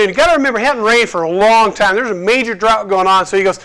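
A man preaching a casual, conversational sermon, lively and jokey, acting out the people he quotes. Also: high voice, fast, hardly any pauses.

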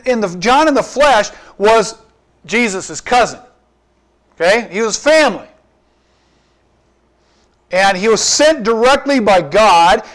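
A pastor preaching a conversational sermon, asking his listeners rhetorical questions and slowing down to stress key points. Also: high-pitched, fairly bright tone. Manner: asks the congregation rhetorical questions, slows down for emphasis.

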